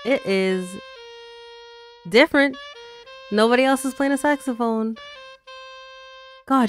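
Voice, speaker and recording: A woman's voice: a little high, slow, long pauses, soft background music. A woman hosting a K-pop reaction video, gushing and exclaiming as she watches, with casual chatter and frequent laughs. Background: show audio playing underneath.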